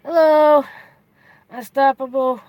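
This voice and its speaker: A woman's voice: high voice, fairly even intonation, slow pace, a little mellow, no echo, rough recording. A woman hosting a casual live stream, chatty, greeting and thanking her viewers as they come in.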